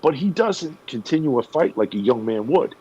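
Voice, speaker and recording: A man, a guest on a radio show, retelling a story in an animated way with emphatic pauses. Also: a little high, breathy edge, lo-fi sound. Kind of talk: conversational storytelling.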